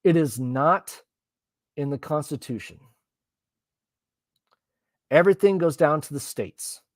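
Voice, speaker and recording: A man's voice: a little high, animated, slow pace, dry recording. A man ranting bluntly and profanely while reacting to the news in casual commentary. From Texas. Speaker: political commentary host.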